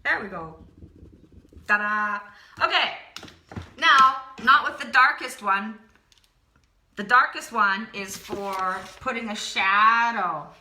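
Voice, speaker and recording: This is a woman's drawing tutorial in which the art teacher keeps up friendly, encouraging chatter and repeats words to herself as she sketches. Her mid-range voice is bright and forceful, she takes things slowly, and the recording is reverberant.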